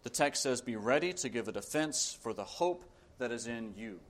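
A man delivers a sermon with earnest emphasis. He reads scripture slowly and drives his points home with repeated phrases. His voice sits at an everyday middle pitch. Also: expressive. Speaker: preacher.

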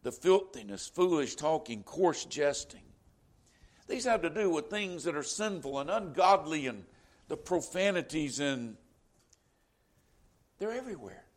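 A man preaching a sermon in an earnest, halting way, restarting his phrases as he works out his point. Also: a little high, lively intonation.

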